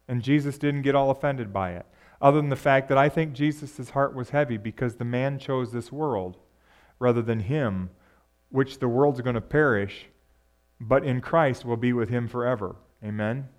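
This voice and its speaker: A pastor preaching a sermon in a conversational way, often asking the congregation rhetorical questions. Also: male voice, medium pitch, moderate pace.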